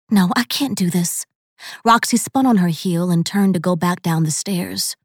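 A woman narrating a scripted horror story in a measured, atmospheric way. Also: on the low side, no echo, studio quality.

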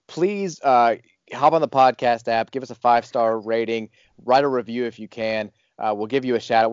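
A man's voice: medium pitch, smooth, no room sound, lo-fi sound. A man hosting a podcast, chatting casually and reading out listener reviews. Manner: easygoing, reads listener reviews. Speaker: podcast host.

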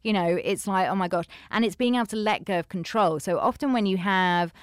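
A woman's voice: mid-range voice, brisk, clear, resonant tone, dry recording, clean studio sound. A woman, a sex therapist, talking candidly and animatedly in a casual podcast conversation, often restarting her sentences.

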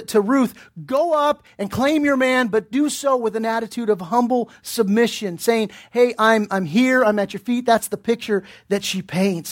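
A man preaching a sermon as pastor, earnest and direct, putting pointed questions to his listeners and often restarting his words. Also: sits high. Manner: earnest, repeats himself while searching for words, asks pointed questions.

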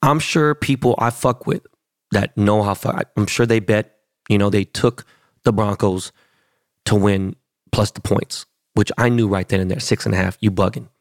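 Man, podcast host, gravelly, dry close sound, profane boastful storytelling. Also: lowish voice, moderate pace, no room sound. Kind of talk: casual chat.

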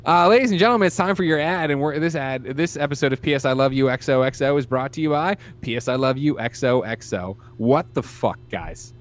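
A man hosting a gaming podcast, delivering a loud, mock-angry comic rant full of swearing. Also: mid-range voice, fairly quick, few pauses. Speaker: podcast host.

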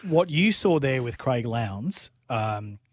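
A man hosting a casual motorsport talk, asking quick questions and laughing often. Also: medium pitch, animated, a little hiss or hum. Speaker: host. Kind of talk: casual chat.

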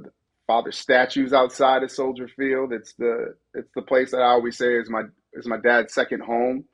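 A man answering in an interview clip, speaking thoughtfully with hesitant pauses. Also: mid-range voice. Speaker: interview guest.

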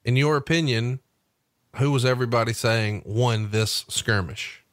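A man hosting a podcast, retelling a backstage story with animated energy and asking his co-host questions. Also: mid-range voice, unhurried, dry recording, studio quality. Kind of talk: casual storytelling chat.

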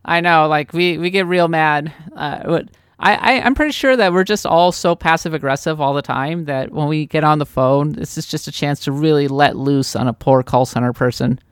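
Woman from the Midwest, podcast co-host, clear crisp voice, dry sound, enthusiastic chatter. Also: sits low, moderate pace, hardly any pauses, no echo. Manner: chatty, enthusiastic, self-deprecating. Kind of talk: casual podcast chat.

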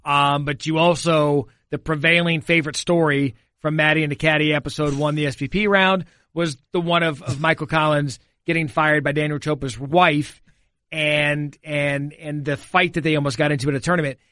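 A woman's voice: sits low, fairly even intonation, normal speed, fairly bright tone, no room sound. A woman co-hosting a podcast in a studio, chatting casually and laughing as she tells a story. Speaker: podcast co-host. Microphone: studio mic.

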